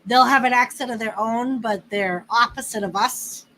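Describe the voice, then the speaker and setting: A woman from the northeastern United States hosting a livestream, chatting casually in a drawn-out, easygoing way with laughs. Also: fairly high pitch, pushed and bright, slight background noise, low-quality recording. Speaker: livestream host. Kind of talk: casual chat with viewers and a partner.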